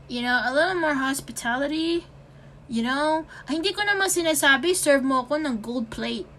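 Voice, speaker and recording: A woman's voice: sits high, bright, forceful tone. An American woman in her young adult years ranting frustrated in a vlog, swearing a lot, sighing, and slipping Tagalog words into her English. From United States. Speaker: vlogger.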